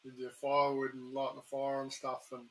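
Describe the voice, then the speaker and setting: A man with an Australian accent hosting a casual chat, easygoing and hesitant, often filling pauses with "um". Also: mid-range voice, completely flat delivery, fairly bright tone, rough recording. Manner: easygoing, hesitant, many ums. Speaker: podcast host.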